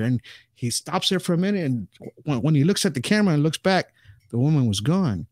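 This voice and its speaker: A man's voice: a little high, animated, a little fast, a little mellow, no echo, studio quality. A man in a casual interview, talking in a rambling way with many restarts and fillers. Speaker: podcast guest, ufologist.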